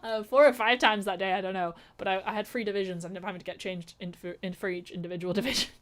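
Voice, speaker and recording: A woman's voice: mid-range voice, fairly even intonation, quick pace, a bit bright, a little hiss or hum. A woman vlogger talking casually about her fights, rambling with lots of fillers and restarts. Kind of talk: casual chat.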